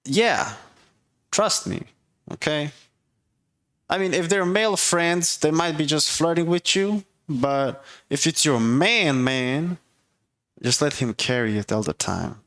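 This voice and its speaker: With a somewhat high, expressive, slightly bright voice, he takes his time as he rants comedically about dating and relationships. The host is casual, blunt, and profane, driving points home again and again with "okay?"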